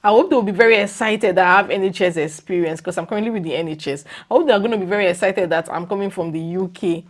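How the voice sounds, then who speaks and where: A young woman vlogging casually to her viewers, animated and exclamatory, her voice leaping up when she makes a point. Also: quick pace, hardly any pauses. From lives in the UK. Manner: animated and exclamatory, leaps up in pitch when emphatic. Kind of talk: casual vlog chat.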